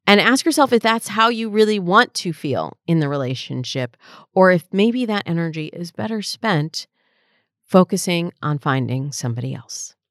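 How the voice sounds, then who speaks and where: A woman's voice: medium pitch, fairly bright tone, dry recording, clean studio sound. A woman in her forties hosting an advice podcast, answering listener questions as a dating coach in a reflective, conversational way.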